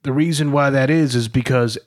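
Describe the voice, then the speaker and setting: A man from the eastern United States hosts a laid-back podcast, trading stories and turning to explain details to his listeners. He speaks at a plain middle pitch, easy and conversational. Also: fairly quick. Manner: relaxed, asks questions, explains to listeners. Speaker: podcast host.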